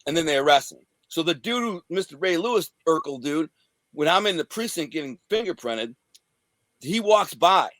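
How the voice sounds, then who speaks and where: A man's voice: on the high side, lively intonation, moderate pace, fairly bright tone, no echo. A man from the Detroit area, a guest telling a blunt, profane, streetwise story from his past. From Detroit area, USA. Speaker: interview guest.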